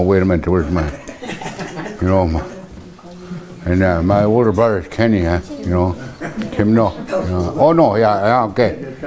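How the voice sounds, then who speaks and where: Older man, slow halting teacher, lowish voice, lots of fillers. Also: darkish tone. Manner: hesitant, many fillers, repeats words slowly. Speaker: language teacher. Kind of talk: teaching vocabulary, casual and halting.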